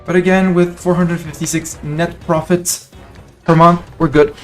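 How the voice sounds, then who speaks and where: Male streamer, chatty and playful, narrating his own moves live; a touch high-pitched, soft music behind. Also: flat delivery, unhurried. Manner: thinks aloud, playful, chats to in-game nations. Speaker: game streamer. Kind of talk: casual live gameplay commentary.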